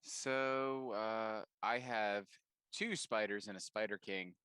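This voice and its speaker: A man's voice: fairly low pitch, slow, sharp tone, clear, resonant tone, no echo, studio quality. A man playing in a tabletop game, talking hesitantly and laughing between moves. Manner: hesitant, laughing, self-correcting. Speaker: player. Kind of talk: casual tabletop play.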